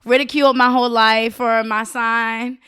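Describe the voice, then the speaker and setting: High bright-voiced woman guest. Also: little pitch movement, normal speed, smooth. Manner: open and chatty, swears casually. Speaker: podcast guest. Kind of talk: casual chat.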